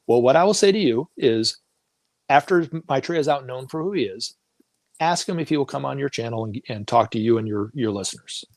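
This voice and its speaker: A man's voice: mid-range voice, a little mellow, no echo. A man talking as a guest on a talk show, telling stories casually and acting out the voices of the people in them, laughing often.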